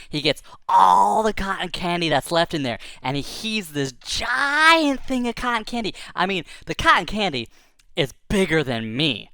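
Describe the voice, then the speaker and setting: Animated woman telling a silly tall tale. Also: lowish voice, no echo, clean studio sound. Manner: playful, sing-song chanting, silly exaggeration. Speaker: storyteller. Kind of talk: comic first-person tall tale for kids.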